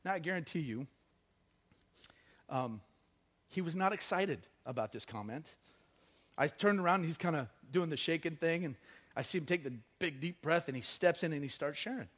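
A male pastor preaching a sermon in a church service, telling stories with animated energy and acting out the people in them. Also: fairly high pitch, moderate pace, pauses often.

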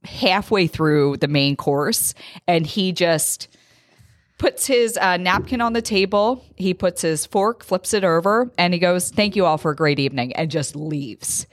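A woman co-hosting a casual chat podcast, telling stories in quick, animated bursts. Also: fairly low pitch, no room sound. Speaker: podcast co-host.

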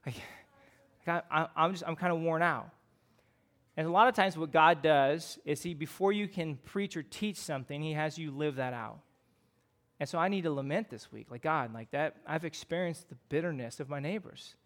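Conversational Midwestern pastor preaching. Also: male voice, fairly high pitch, moderate pace, a bit bright. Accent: Midwestern American. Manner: conversational, with fillers and frequent rhetorical questions. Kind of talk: sermon.

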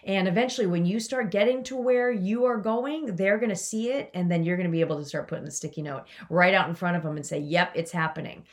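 A woman's voice: medium pitch, quick pace, few pauses. A woman hosting a motivational podcast, talking to her listeners in an enthusiastic, chatty way. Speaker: podcast host and coach.

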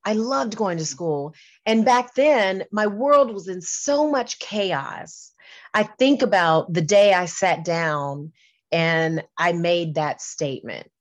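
A middle-aged woman talking candidly and earnestly as an interview guest, repeating and restarting phrases as she makes her point. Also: medium pitch. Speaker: singer and entertainment business owner, interview guest.

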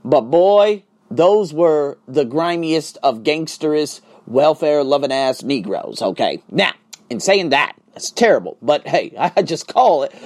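A man vents to his audience in a loose, profanity-laced rant. His somewhat high voice swoops widely, bursting loud and then dropping to a hushed mutter. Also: normal speed. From United States. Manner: animated, heavily profane, swings between loud outbursts and hushed asides. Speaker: vlogger and online teacher. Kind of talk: casual profane rant to camera.

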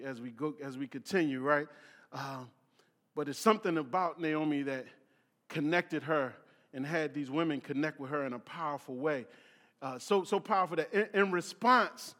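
A male preacher from Philadelphia reading scripture and explaining it, often stumbling over and repeating his words. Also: a little high. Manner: repeats words, restarts often, many fillers, reads scripture aloud. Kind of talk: sermon. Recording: long hall reverb.

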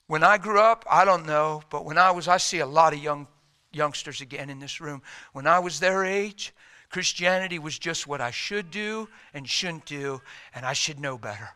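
A middle-aged man preaches in a church with a very bright, cutting voice that sits a little high for a man. He talks in a plain, folksy way, pushing hard in loud urgent bursts, then dropping into a quiet, close hush. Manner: swings between loud urgent exhortation and quiet intimate hush. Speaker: pastor. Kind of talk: sermon.

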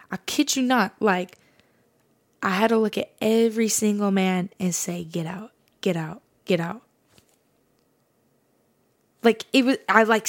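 A woman hosting a podcast, sharing a personal faith testimony in a casual, earnest way, often saying "like". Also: mid-range voice. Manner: casual, earnest, fills speech with "like". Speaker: podcast host.

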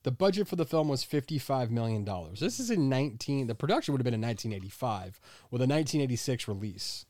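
A man's voice: mid-range voice, lively intonation, fast, a little mellow, dry recording. Podcast host man, dry close sound. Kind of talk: casual chat with read ad.

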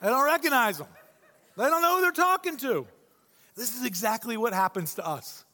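A man with a high voice preaches a lively, joking sermon in church. His talk is chatty and animated, and the sound carries the long reverb of a large hall. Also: moderate pace. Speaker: pastor.

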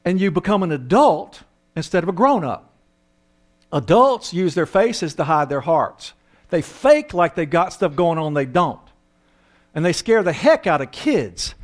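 A man's voice: on the high side, big pitch swings, measured pace. An older man who works as a counselor, telling humorous, self-mocking stories and acting out the voices of the people in them. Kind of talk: humorous storytelling talk.

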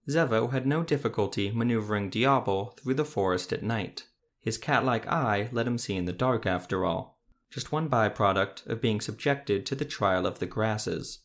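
A man with a somewhat low voice reads a fantasy adventure aloud. His narration is steady and measured, carrying the plot forward. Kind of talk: fantasy story reading.

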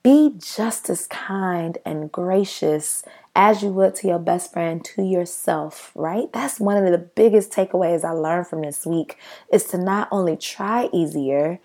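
A woman's voice: fairly low pitch, unhurried, a little mellow. A young woman hosting a solo motivational podcast, talking conversationally and often checking in with "right?". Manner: conversational, frequent "right?" asides. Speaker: podcast host.

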